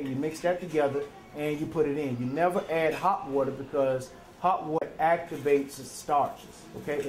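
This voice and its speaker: A man's voice: fairly high pitch, a little mellow, roomy sound, slight background noise. A man teaching a live cooking demonstration in a chatty, folksy way, often checking in with his audience. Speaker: culinary teacher.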